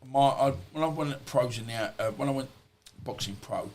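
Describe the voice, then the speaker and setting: A man's voice: medium pitch, a little fast, darkish tone. A middle-aged man, a podcast guest, telling stories in a rambling, blunt, colloquial way. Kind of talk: storytelling in conversation.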